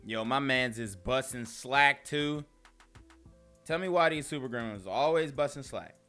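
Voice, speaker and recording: A man's voice: mid-range voice, a little slow, sharp tone, soft background music. A young man hosting casual reaction commentary, slangy and often laughing. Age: young adult. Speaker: commentary host.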